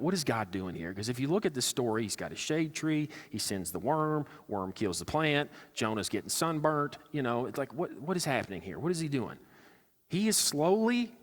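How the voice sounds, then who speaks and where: A man's voice: medium pitch, fairly bright tone, big-room sound. A man preaching a sermon as a pastor, talking in a casual way and acting out quoted lines with sarcasm. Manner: conversational, acts out quotes with sarcasm. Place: church sanctuary.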